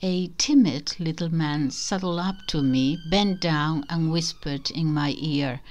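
A woman reading a short story aloud in the first person, slow and measured. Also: low voice, a little hiss or hum. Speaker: reader.

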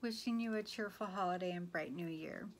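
A woman's voice: on the low side, brisk, slight background noise. A woman vlogger chatting casually to her viewers, gushing and full of "um"s. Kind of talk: casual haul chat.

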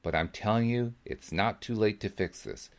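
A man reading the part of an older woman, a gentle, wise grandmother who calmly reassures a boy. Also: lowish voice, normal speed, lightly acted. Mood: urging. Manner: calm, patient, reassuring.

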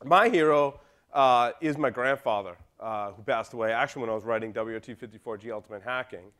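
A man's voice: medium pitch, fairly quick, fairly bright tone. A man giving a conference talk, telling a story in a casual, joking way and talking straight to the audience. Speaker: conference speaker. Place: conference hall.

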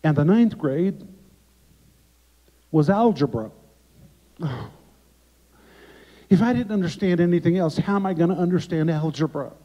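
Male guest preacher, dramatic storytelling, mellow voice in a dull, echoey video recording. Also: on the high side, measured pace, pauses often. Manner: dramatic, emphatic, with sharp drops to quiet. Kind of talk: sermon storytelling. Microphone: remote video recording.

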